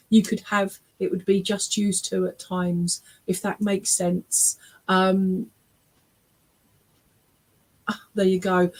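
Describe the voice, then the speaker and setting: A woman's voice: mid-range voice, rough recording. A woman working as a spiritualist medium, giving a reading in an online church service, chatty and often checking in with listeners. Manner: chatty and warm, often checking in with "all right?" and "okay?"; laughs often while talking.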